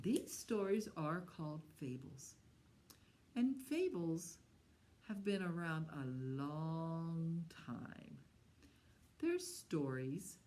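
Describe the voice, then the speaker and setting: A woman hosting a library storytime, talking slowly and gently to young children as she tells fables. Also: sits low. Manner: slow, gentle and animated, talking to young kids. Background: autoharp she plays before the story.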